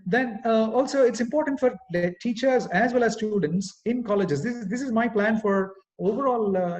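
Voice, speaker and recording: A man's voice: fairly high pitch, a little mellow. Indian man teaching pronunciation over a lo-fi call. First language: Telugu. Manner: explanatory, with frequent fillers and self-corrections. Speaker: guest speaker. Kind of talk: online webinar talk. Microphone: home internet call mic.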